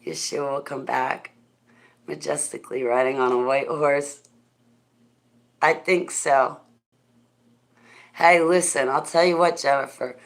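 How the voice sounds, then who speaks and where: A woman's voice: low voice, fairly even intonation, unhurried, long pauses. A woman livestreaming in casual chat, answering viewers by name, rambling and laughing often.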